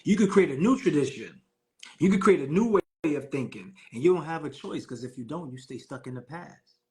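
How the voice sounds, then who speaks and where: A man's voice: fairly high pitch, lively intonation, a little fast, darkish tone. A man hosting a live call with preachy, hyped motivational talk. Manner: preachy, hyped, calls the audience Queen.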